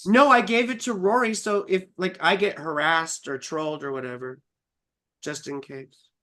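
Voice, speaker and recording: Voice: mid-range voice, steady tone, moderate pace, sharp tone. An astrologer co-hosting a live stream, talking in a casual, teasing way, swearing freely and calling people sweetheart. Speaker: astrologer co-host.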